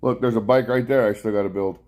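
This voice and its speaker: Relaxed man chatting with his stream. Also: lowish voice, quick pace. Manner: greets chat viewers by name between rambling stories. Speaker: live stream host. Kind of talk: casual live-stream chat. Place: home, lying on a couch. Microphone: clip-on mic worn from bike riding.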